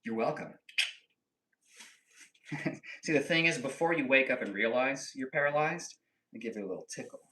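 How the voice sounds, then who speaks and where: A man's voice: mid-range voice, moderate pace, pauses often, pushed and bright, distant mic. A young man hosting a casual live stream, reading chat comments aloud and joking and trolling back at them. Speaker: livestream host. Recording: echoey room, voice a bit off-mic.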